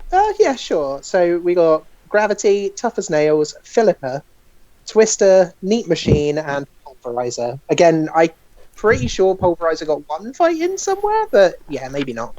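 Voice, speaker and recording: Woman on a quiz call, super animated voice, dull dry headset sound. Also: lowish voice, measured pace, dry recording. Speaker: quiz contestant. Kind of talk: casual chat on a video call.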